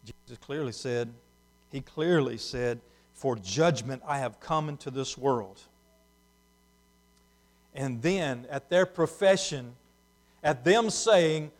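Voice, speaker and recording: His sermon moves back and forth: slow and quiet in places, loud and insistent in others, all at a medium pitch.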